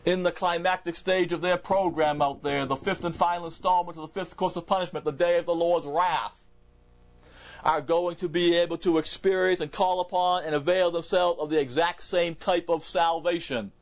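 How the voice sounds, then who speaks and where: A man's voice: a little high, steady tone, moderate pace. A man preaching a verse-by-verse Bible sermon in an emphatic way, repeating words and restarting phrases as he explains.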